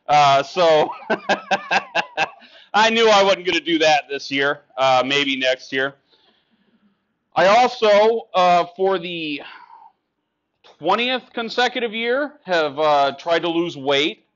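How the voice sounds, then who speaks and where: A man's voice: fairly high pitch, fairly bright tone, highs cut off. A man doing a stand-up comedy set on a club stage, sarcastic and ranting at the crowd. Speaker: stand-up comic.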